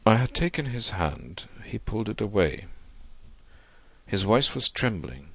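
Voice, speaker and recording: Male audiobook narrator, low voice, measured, dry close sound. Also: big pitch swings, creaky, fairly bright tone, husky, no echo. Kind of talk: audiobook reading of a classic novel.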